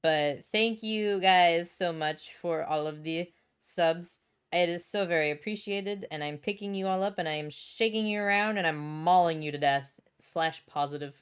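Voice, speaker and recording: A woman's voice: fairly low pitch, moderate pace, hardly any pauses, smooth. A young adult woman streaming casually from home, bubbly, swearing freely and reading chat aloud.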